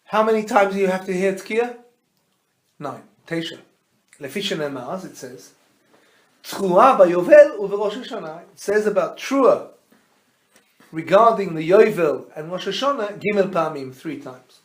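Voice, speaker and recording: A man, a rabbi, teaching a Torah class as an animated storyteller who quizzes his listeners and mixes Hebrew terms into his teaching. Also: high-pitched, normal speed. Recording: roomy echo.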